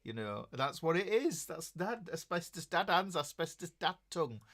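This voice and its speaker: A man's voice: a little high, big pitch swings, normal speed, fairly bright tone. Chatty middle-aged Yorkshire man. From Yorkshire, England. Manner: jokey, chatty and rambling, greeting viewers by name. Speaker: guitar teacher hosting a livestream. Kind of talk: casual livestream chat.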